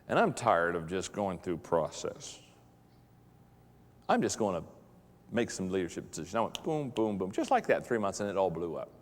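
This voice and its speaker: A middle-aged man, a pastor giving a humorous live talk to an audience, telling stories in an animated, self-mocking way and often repeating words. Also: fairly low pitch, in a large hall. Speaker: pastor and leadership speaker. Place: large hall with an audience.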